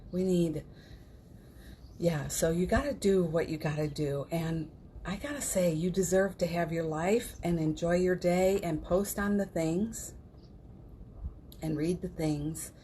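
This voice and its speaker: Hosting a morning livestream, a woman guides a healing practice in a gentle voice, softly repeating phrases and often dropping to a near whisper. She tosses in casual, encouraging asides. Her voice sits on the low side, with slight background noise.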